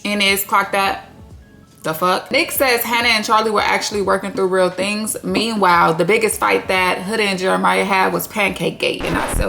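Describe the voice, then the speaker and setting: A woman's voice: medium pitch, brisk, gravelly, a bit bright, soft background music. A woman hosting her own video channel, giving a casual, blunt and profane reality TV recap full of slang. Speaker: YouTube recap host.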